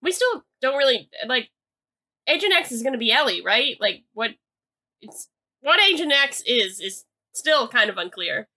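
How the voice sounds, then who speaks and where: A young woman with a bright, slightly high voice chats through a TV recap. She hedges with "like" a lot and trails into asides. It's a relaxed podcast conversation. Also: moderate pace. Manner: chatty, hedging with "like", reads quotes aloud. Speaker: podcast co-host. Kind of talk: casual episode recap.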